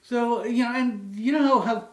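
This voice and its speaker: Recorded from a distance in a room with plenty of echo, the Canadian co-host keeps up a joking, rambling beer-tasting conversation and often says "anywho." His voice is very high-pitched and a bit bright, at a moderate pace.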